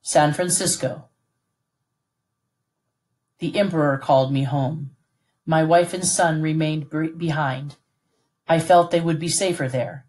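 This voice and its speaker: A woman reading aloud who voices a stern, composed middle-aged army colonel in a calm, formal, measured way. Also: low-pitched. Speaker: read-aloud narrator voicing a character.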